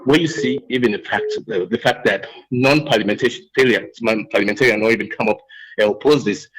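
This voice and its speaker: A Sierra Leonean man ringing in to a talk radio show. He speaks in a husky, breathy voice. He is agitated and emotional, and he stumbles through restart after restart. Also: fairly low pitch, fairly quick, a bit bright, poor audio. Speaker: radio call-in caller. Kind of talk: impassioned call-in rant.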